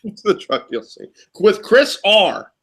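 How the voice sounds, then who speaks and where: A man's voice: sits high, very animated, measured pace, creaky, a bit bright, slightly rough. A man co-hosting a casual film review chat, recapping scenes in a laid-back, teasing way. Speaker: podcast co-host.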